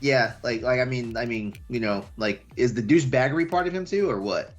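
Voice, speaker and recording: A man's voice: mid-range voice, brisk. A man hosting a casual late-night podcast, rambling and repeating his words, and laughing often. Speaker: podcast host.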